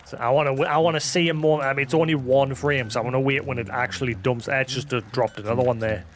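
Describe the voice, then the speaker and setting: A man's voice: mid-range voice, fairly even intonation, quick pace, slight background noise. A man who hosts a live stream, chatting casually, rambling and self-deprecating, thinking aloud with many restarts. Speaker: livestream host.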